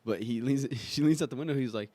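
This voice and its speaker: A man's voice: medium pitch, fast, mellow. A young man talking casually as a guest, laid-back and laughing through his stories. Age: young adult. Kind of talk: casual chat.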